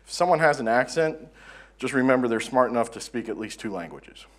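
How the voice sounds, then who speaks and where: A man from the southern United States giving a relaxed, self-deprecating conference presentation in a conference room. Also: mid-range voice, fairly quick. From Southern United States (Florida). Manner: conversational, self-deprecating, joking. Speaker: conference speaker.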